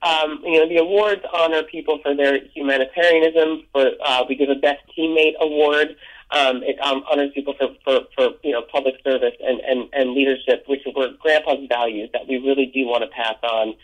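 A man's voice: mid-range voice, fairly even intonation, fairly quick, rough recording. A man being interviewed, talking keenly about a museum's programs and stories, often restarting his sentences. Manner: enthusiastic, stumbles and repeats words. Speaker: museum educator and guest. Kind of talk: casual interview.

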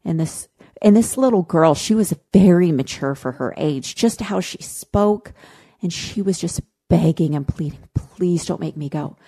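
A woman co-hosting a parenting podcast, telling a disturbing story in casual chat with deep emotion. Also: expressive, unhurried, mellow, husky. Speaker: podcast co-host.

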